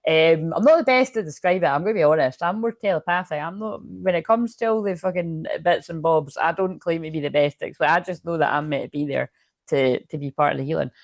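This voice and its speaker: A woman's voice: deep voice, fairly quick, no echo, clean studio sound. A woman with a Scottish accent giving a rambling, chatty tarot reading to her viewers from her room at home, swearing freely as she talks. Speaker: tarot card reader.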